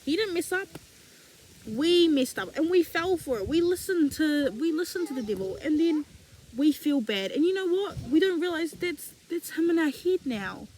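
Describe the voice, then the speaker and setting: A woman's voice: sits high, animated, moderate pace, darkish tone, slight background noise. A young woman talking casually and animatedly to camera about faith, in slangy, preachy, rhetorical speech. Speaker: faith vlogger.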